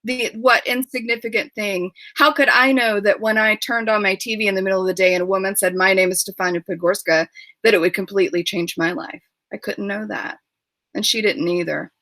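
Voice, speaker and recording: Woman author, tearful, halting and repetitive, bright dry sound on a video call. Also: mid-range voice, steady tone, no room sound. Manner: emotional, halting, repeats words.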